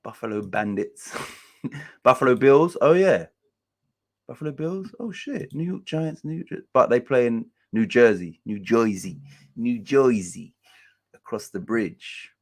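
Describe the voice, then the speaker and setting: A man's voice: mid-range voice, big pitch swings, a little slow. A man hosting a casual live match-day stream, chatting loosely, swearing freely and reading out chat messages and scores.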